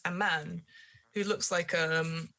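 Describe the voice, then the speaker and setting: A woman's voice: fairly low pitch, steady tone, slow pace, bright, forceful tone. A woman running a tabletop horror game as game master, describing scenes with frequent fillers.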